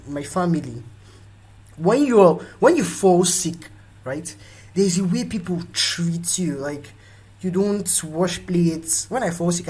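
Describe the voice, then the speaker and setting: A young man with a Nigerian accent delivers a motivational live talk, his voice a little husky and breathy. He speaks in an animated way and slips into playful voices for the people he describes. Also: fairly high pitch, low-quality recording. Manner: animated, acts out quoted voices. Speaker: host.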